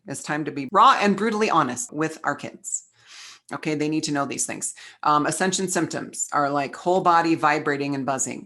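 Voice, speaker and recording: A woman's voice: low voice, fairly bright tone. Middle-aged woman talking frankly in a casual masterclass, lots of ums and you knows, earnest and a bit preachy. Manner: frank and chatty, with fillers and restarts. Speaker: spiritual parenting teacher.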